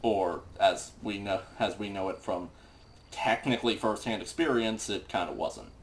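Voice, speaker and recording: A man commentates on a video game with dry, sarcastic remarks, reading long in-game texts aloud. His pitch moves in a lively way. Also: moderate pace, a little hiss or hum. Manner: sarcastic, wry. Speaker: let's play commentator.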